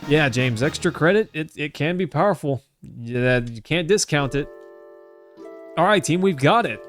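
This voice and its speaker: A man's voice: on the high side, lively intonation, normal speed, faint music behind. A man live-streaming a video game, chatting casually and greeting viewers by name. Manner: chatty, addresses viewers as team and buddy.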